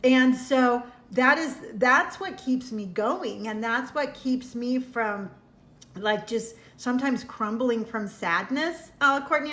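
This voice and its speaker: A woman's voice: a little high, fairly bright tone. A middle-aged woman hosting a casual livestream, telling personal stories in a heartfelt, meandering way and thanking viewers as she reads their comments. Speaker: livestream host. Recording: echoey room.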